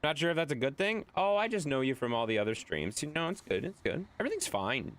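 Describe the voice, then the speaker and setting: A man's voice: on the high side, very animated, fast, fairly bright tone. A man streaming live, chatting casually and rambling as he answers viewers' chat.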